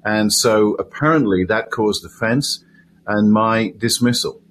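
A middle-aged man from the United Kingdom, a chaplain answering interview questions in a measured, hesitant way with many pauses. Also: on the low side, fairly bright tone. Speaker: guest, volunteer chaplain.

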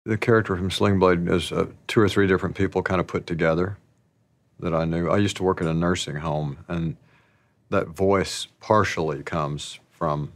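Deep-voiced man telling rambling stories. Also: steady tone. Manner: slow, rambling, laughs often. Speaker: interviewee. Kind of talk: casual storytelling.

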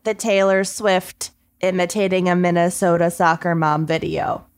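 A woman's voice: on the low side, little pitch movement, normal speed, clear, resonant tone. A woman, co-hosting a podcast in a chatty, stop-and-start way with frequent laughter. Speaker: podcast co-host. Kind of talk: casual chat.

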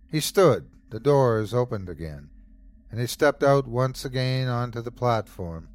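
Man, horror story narrator, slow, measured, expressive rising and falling pitch. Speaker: host and narrator.

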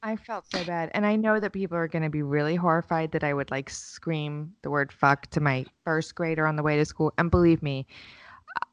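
Co-host, woman, low voice, blunt and teasing. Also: steady tone, fairly quick, muffled recording, a little hiss or hum. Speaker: podcast co-host. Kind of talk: casual chat.

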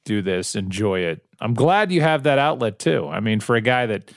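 A man's voice: fairly low pitch, lively intonation, moderate pace, no room sound. Dry-humored man in a dry studio. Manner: wry, dry storytelling. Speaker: podcast co-host. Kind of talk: casual chat.

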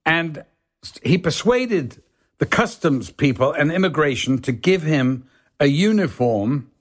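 An older man from England, a guest telling stories in casual conversation, acting out the people in them with lively put-on voices. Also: fairly high pitch, a little slow. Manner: animated, acts out the people in his stories in shifting voices. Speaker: guest actor telling anecdotes. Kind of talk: casual podcast storytelling.

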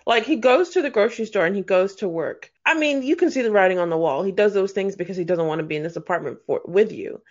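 A woman's voice: medium pitch, animated, fast, hardly any pauses. A woman co-hosting a podcast, chatting casually and expressively acting out imagined lines. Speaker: podcast co-host. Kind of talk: casual chat recapping a reality show. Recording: dull lo-fi.

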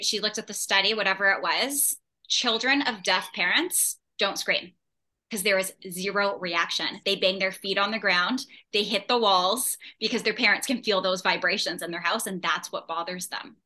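Bright-voiced reassuring woman guest. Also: medium pitch, moderate pace. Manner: reassuring, explaining patiently. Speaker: guest parenting creator. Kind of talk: casual podcast chat.

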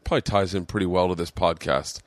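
A man in his forties hosting a podcast, telling a rambling, profane story with excitable energy. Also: low-pitched, quick pace, no room sound. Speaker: podcast host. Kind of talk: casual storytelling monologue.

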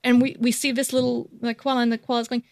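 A woman's voice: on the high side, fast, gravelly, dry recording, studio quality. A woman co-hosting a podcast, gushing and chatty in casual conversation. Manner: animated, gushing, lots of mm-hmms. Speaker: podcast co-host. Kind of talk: casual chat.

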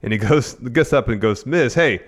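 A man's voice: on the low side, normal speed. A man co-hosting a podcast, casually recapping events play by play with frequent uhs. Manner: rambling play-by-play with many uhs. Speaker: podcast co-host.

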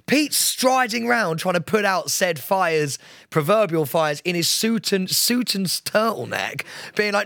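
A man's voice: high voice, measured pace, no room sound, studio quality. A man co-hosting a podcast, telling a story in casual chat, swearing freely and acting out what other people said. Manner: animated, swears freely, acts out others' voices. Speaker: podcast co-host.

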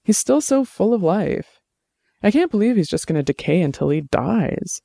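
A man voicing an earnest, soft-spoken young woman in an audiobook, his voice lifted for her. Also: sits high, sing-song, moderate pace, vocal fry, no room sound, studio quality, voice pushed up, heavily acted. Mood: sad.

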